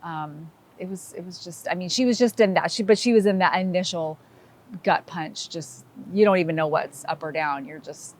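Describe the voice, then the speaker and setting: A woman's voice: on the low side, normal speed. A middle-aged woman, a sheriff's wife, retelling a story in an interview with emotion and quoted dialogue.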